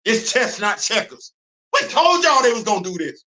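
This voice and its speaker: This livestream host has a high voice and talks at an ordinary pace, ranting with lots of energy. His casual commentary is full of slang, frequent laughter, and repetition.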